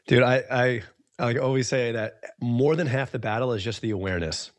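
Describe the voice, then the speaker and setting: A man's voice: mid-range voice, fairly quick, no echo. A man hosting a podcast, talking in an earnest, emphatic way and circling back over his points. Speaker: podcast host. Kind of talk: casual podcast conversation.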